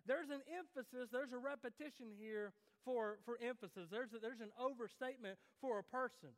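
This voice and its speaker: A man's voice: extremely high pitch, brisk, few pauses. A man preaching a sermon in a conversational way, often checking in with the congregation. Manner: conversational preaching with frequent "right?" asides to the congregation. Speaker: pastor. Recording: long reverb of a large hall.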